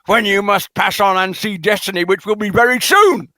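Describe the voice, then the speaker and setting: A man reading out a queen's formal speech to her husband in his own voice, slow and measured. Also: a little high, very animated, gravelly, fairly bright tone, no room sound, full character voice. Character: a queen addressing her old husband, tactful.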